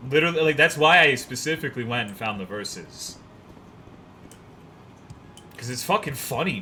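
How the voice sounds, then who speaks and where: A young man streams a game and chats casually, swearing freely and rambling as he answers his chat. His voice is bright and forward, with a faint hum of room noise behind it. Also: mid-range voice. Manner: loose, profane, rambling, reads chat aloud.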